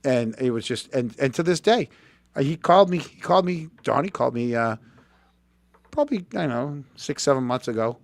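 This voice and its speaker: Animated storytelling man with a dry close sound. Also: medium pitch, a little fast, no echo. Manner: animated storyteller, repeats words when excited. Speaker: host. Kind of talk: casual chat, storytelling.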